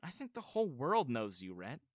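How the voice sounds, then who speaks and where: A man voicing a young stepmother who speaks gently and calmly. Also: medium pitch, moderate pace, no room sound, clean studio sound. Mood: gentle calm. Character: young stepmother, sweet and calm.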